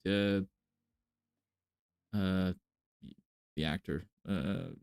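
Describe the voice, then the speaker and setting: A man's voice: low-pitched, steady tone, very slow, creaky, a little mellow, smooth. A man chatting casually on a live stream, thinking aloud with many fillers and restarts. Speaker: reaction streamer.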